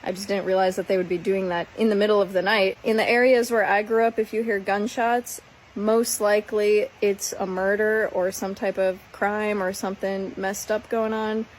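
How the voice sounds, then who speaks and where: A woman from Minnesota telling a story in her vlog in a calm, matter-of-fact way. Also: medium pitch, moderate pace, slight background noise, low-quality recording. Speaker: van lifer vlogger.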